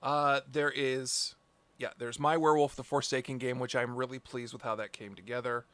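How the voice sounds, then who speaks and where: A man's voice: medium pitch, flat delivery, normal speed, a bit bright, no echo. A man chatting casually on a group livestream, laid-back and laughing often. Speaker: streamer, game master.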